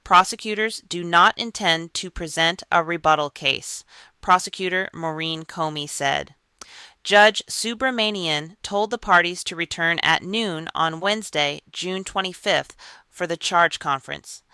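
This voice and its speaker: Narrator for a news recap: measured, even read, sharp smooth tone, no room sound. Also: medium pitch, no room sound. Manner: even, measured reading of court reports.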